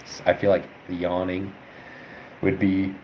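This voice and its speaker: A man's voice: sits low, monotone, unhurried, slight background noise, low-quality recording. A young man, a veterinary student, talking casually while studying and rambling through his thoughts with plenty of fillers. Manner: rambling, thinks aloud with many fillers. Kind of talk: casual study livestream, answering chat.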